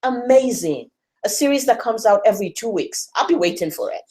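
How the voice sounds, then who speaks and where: A woman's voice: on the high side, very animated, a little fast, darkish tone. A woman from West Africa giving an encouraging motivational talk to a room at a church learning session, firing rhetorical questions at her listeners.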